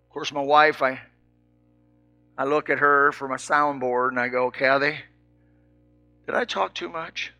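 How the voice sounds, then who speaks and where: An older man preaching a sermon, swinging from shouts to soft, low asides. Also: fairly even intonation, unhurried, pauses often, soft background music.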